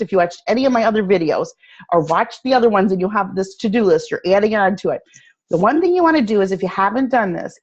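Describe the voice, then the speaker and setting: A woman giving a casual sales training talk, telling stories in a chatty, animated way full of fillers and restarts. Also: medium pitch. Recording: dull lo-fi recording.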